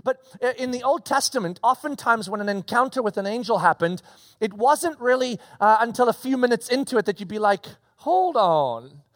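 A man preaching a casual expository sermon, animated and conversational with slangy asides. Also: very high-pitched, fairly quick, no echo.

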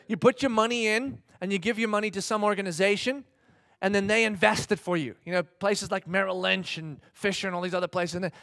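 A pastor preaches dynamically to his congregation, acting out little dialogues in mock voices and asking his listeners questions. His voice is high and a bit bright, captured as clean studio sound with no echo.

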